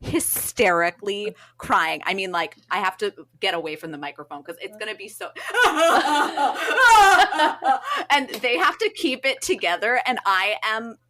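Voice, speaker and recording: A woman co-hosting a podcast, telling stories in an animated, self-deprecating way. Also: medium pitch, normal speed, hardly any pauses, a little hiss or hum. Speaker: podcast co-host. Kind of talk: casual podcast chat.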